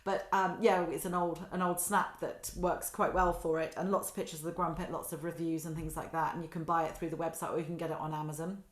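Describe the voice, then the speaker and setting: A woman, a guest telling animated stories in a casual podcast chat. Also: sits low, fast talker, hardly any pauses. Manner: animated storytelling, quotes others in lively voices. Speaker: guest, children's author. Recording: roomy echo.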